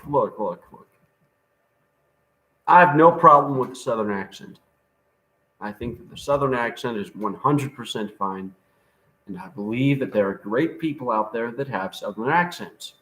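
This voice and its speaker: A man's voice: medium pitch, expressive, moderate pace, pauses often, fairly bright tone. A man co-hosting a livestream in casual chat, joking, laughing often and trailing off with fillers. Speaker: livestream co-host. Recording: roomy echo.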